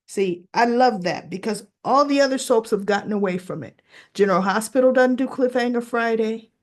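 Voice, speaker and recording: A woman casually recapping soap opera episodes, chatty and animated, briefly mimicking characters and sometimes searching for words. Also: on the high side, moderate pace. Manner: searches for words with restarts and fillers.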